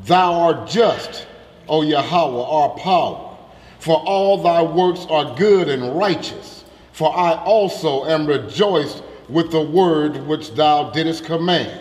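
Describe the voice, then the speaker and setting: A man reading scripture aloud to a study group in a slow, measured way. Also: fairly high pitch, a little mellow. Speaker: scripture reader. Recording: roomy hall echo, faint background noise.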